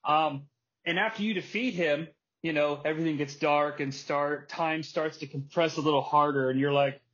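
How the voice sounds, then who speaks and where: A man hosting a casual podcast, telling a story with energy, putting on quick voices and laughing often. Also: a little high. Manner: animated storytelling, acts out wrestler quotes and laughs often. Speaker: podcast host. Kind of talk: casual chat. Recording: dull lo-fi podcast audio.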